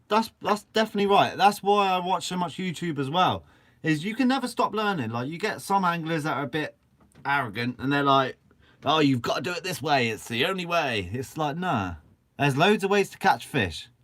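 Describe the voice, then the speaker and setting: A man's voice: a little high, fairly bright tone. Chatty upbeat man from Guernsey. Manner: chatty and upbeat, swears casually. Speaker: fishing channel host answering live chat. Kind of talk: casual live-stream chat. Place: shed.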